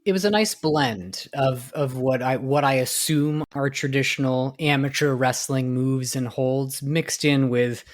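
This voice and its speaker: A man's voice: mid-range voice, measured pace, few pauses. A man co-hosting a podcast, recounting things in a rambling casual way with lots of "like" and "you know". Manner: rambling, many fillers and restarts while recounting. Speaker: podcast co-host. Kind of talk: casual chat.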